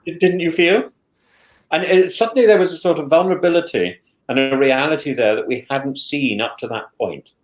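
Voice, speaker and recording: A man in casual podcast talk, speaking haltingly with many stammered restarts. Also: fairly high pitch. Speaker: guest, former contestant. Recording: roomy echo.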